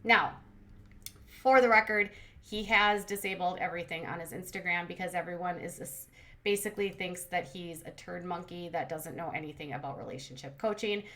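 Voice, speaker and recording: An adult woman hosting a commentary channel, recapping a reality show in a quick, sarcastic, casual way. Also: lowish voice, sharp tone. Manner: fast-talking, sarcastic.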